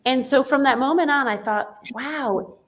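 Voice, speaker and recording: A woman's voice: high-pitched, fairly quick, a bit bright. Earnest woman host telling stories. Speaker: podcast host. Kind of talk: conversational interview, personal storytelling.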